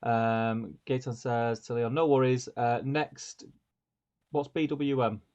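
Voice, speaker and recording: A man's voice: mid-range voice, little pitch movement, slow, darkish tone. A man co-hosting a live stream, reading viewer comments aloud and chatting with a laugh. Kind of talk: casual live-stream chat. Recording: dull lo-fi stream audio.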